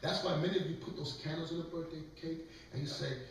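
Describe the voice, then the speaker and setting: A man's voice: fairly high pitch, steady tone, fast talker, hardly any pauses, a little hiss or hum. Emphatic preaching man, echoey room. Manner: emphatic, lecturing, calls for readings. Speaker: preacher leading a scripture class. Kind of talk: preaching sermon. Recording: echoey room, mic far off.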